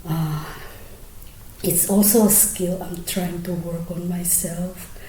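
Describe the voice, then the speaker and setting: A woman explaining her singing technique in a soft, often half-whispered, hesitant way with many fillers. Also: fairly low pitch, fairly even intonation, takes it slowly, slight background noise. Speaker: singing teacher. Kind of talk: casual singing tutorial. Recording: roomy echo.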